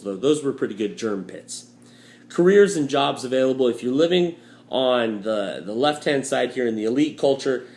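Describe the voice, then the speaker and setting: In a home room with a dryer running, a man records a history lecture walkthrough, joking casually and using lots of fillers. His voice is medium-pitched and somewhat dark, and the recording has a roomy echo.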